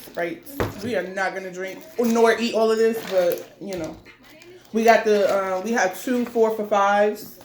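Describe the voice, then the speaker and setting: A woman's voice: mid-range voice, fairly even intonation, unhurried, darkish tone, slight background noise. A woman co-hosting a casual mukbang chat, talking loosely with lots of fillers while she eats. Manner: chatty, loose and rambling, full of fillers. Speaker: mukbang co-host. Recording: roomy echo.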